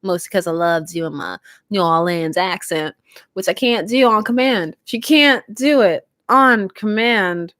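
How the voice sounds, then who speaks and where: A young woman chatting casually with her stream viewers, giggling often and talking in an animated way. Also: mid-range voice, unhurried, no echo, clean studio sound. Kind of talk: casual live-stream chat.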